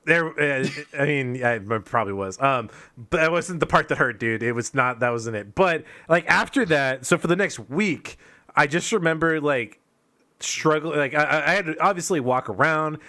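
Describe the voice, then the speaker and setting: A man's voice: fairly high pitch, lively intonation, normal speed, bright, forceful tone. A man co-hosting a podcast, telling a long, profane, self-mocking story in casual chat.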